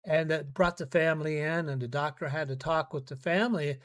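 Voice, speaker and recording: A man hosting a podcast, telling personal stories in an earnest, halting way and often repeating words as he restarts his sentences. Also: on the high side. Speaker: podcast host. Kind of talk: personal storytelling monologue.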